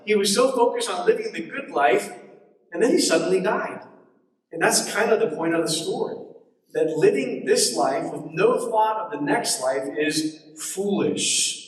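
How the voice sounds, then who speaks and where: A man preaches in an easy, conversational way, breaking off for chatty asides. His voice sits somewhat high and carries long reverb through a church hall, picked up from a distance. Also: lively intonation, a little slow. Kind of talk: sermon. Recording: echoey hall from far off.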